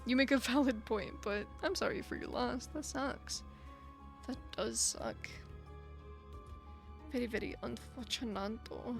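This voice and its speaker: A woman's voice: fairly high pitch, unhurried, pauses often, soft background music. A young woman streaming live, chatting casually with her chat in a sympathetic, filler-heavy way, a little tired and out of breath. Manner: chatty, sympathetic, frequent fillers and soft laughs.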